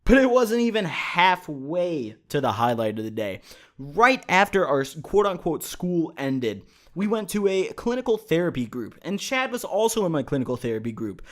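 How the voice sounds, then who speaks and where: A man's voice: on the high side, big pitch swings, normal speed, fairly bright tone. A young man recounting his own story on his vlog in a casual, joking manner, swearing freely. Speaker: YouTuber.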